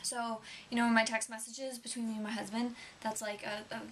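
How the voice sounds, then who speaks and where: A woman's voice: a little high, level tone, brisk, fairly bright tone, slight background noise. A young woman chatting casually to her camera at home, rambling with lots of "um" and "like". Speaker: vlogger.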